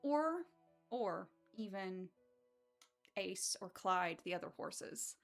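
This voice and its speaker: A woman's voice: mid-range voice, expressive, slow pace, gravelly, soft background music. A woman hosting a charity speedrun stream, chatting in a bubbly, playful way with frequent giggles. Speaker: charity speedrun marathon host. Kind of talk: casual chat.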